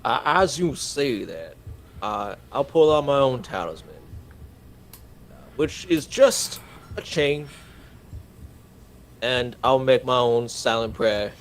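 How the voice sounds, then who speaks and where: A man's voice: medium pitch, lively intonation, takes it slowly, long pauses, slight background noise. A man playing a tabletop game, describing his character's actions.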